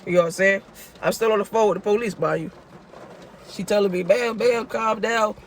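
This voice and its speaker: A man's voice: high voice, fast talker, creaky, slight background noise. A man telling a casual story-time tale for his vlog in a slangy way, full of "you know what I'm saying.". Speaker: vlogger.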